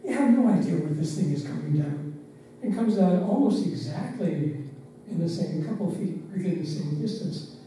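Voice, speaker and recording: A man's voice: fairly high pitch, lively intonation, mellow. Older man telling stories in an echoey room. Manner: unhurried, reflective storytelling with pauses. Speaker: former driver and staff member. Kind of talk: reminiscing anecdote. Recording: roomy, distant mic, faint background noise.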